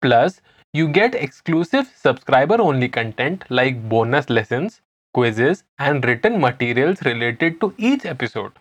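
A man's voice: medium pitch, a little slow. A man co-hosting a language-lesson podcast, reading questions and recapping the answers. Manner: lively read with questions and recaps.

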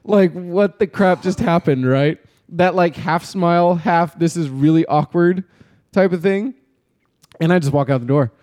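A man's voice: fairly high pitch, a little slow, a little mellow. A man on a casual podcast telling a rambling story, laughing often and restarting his sentences. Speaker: podcast co-host. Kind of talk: casual chat.

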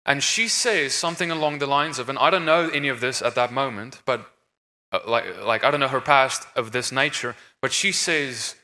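On a conference stage in a large hall, a man speaking on deliverance ministry preaches earnestly and emphatically, restarting often. His voice is medium-pitched and sharp at a moderate pace, and the hall is reverberant.

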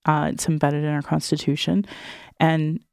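A woman's voice: deep voice, little pitch movement, moderate pace, creaky, a little mellow, dry recording, studio quality. A woman activist speaking as an interview guest, earnest and direct.

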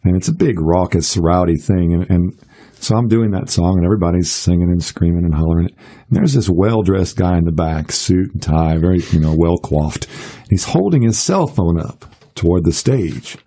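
Deep, gravelly-voiced male musician. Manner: relaxed, halting with small restarts. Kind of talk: casual radio chat.

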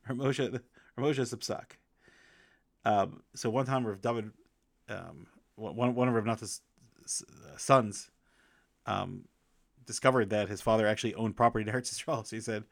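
A low-voiced man with a gravelly edge reviews a book by retelling its stories. He speaks in a halting, casual way, restarting phrases and using fillers. His voice is close and dry, with no room sound. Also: no echo.

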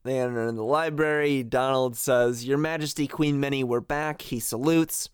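A man's voice: medium pitch, fairly even intonation, normal speed, clean tone, no room sound, studio quality. A man co-hosting a podcast, casually recapping a video game's story and reading out characters' lines with comic asides. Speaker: podcast co-host.

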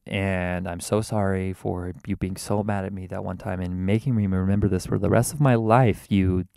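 A man hosting a podcast from inside his car, rambling and wordy in a casual monologue, mocking himself and now and then leaping into a theatrical high voice. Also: vocal fry, mellow, dry recording. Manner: rambling, wordy and self-mocking, with sudden theatrical jumps in pitch. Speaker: podcast host. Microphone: podcast microphone.

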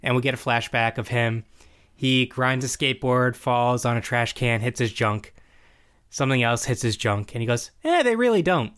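A man's voice: mid-range voice, normal speed, clean tone. Man animatedly recapping a show. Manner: animated recapping, acts out quoted lines. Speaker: podcast co-host recapping a show. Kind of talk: casual chat.

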